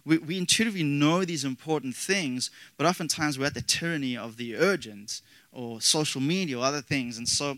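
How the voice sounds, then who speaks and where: A man delivers a sermon as pastor, with a bright, forward tone. He speaks earnestly, lifting his emphasis and dropping into casual asides. The sound is dry and close. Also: fairly high pitch, fairly quick, no echo, rough recording.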